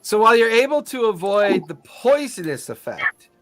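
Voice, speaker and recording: A man's voice: high voice, big pitch swings, moderate pace, a crowd in the background. A man narrating a tabletop game as game master, playful and laughing often.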